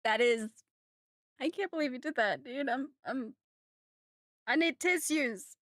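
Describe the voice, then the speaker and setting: A young woman streaming a game, excitable and gushing as she thanks her chat. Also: high-pitched, measured pace, no room sound, studio quality. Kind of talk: casual live-stream chat.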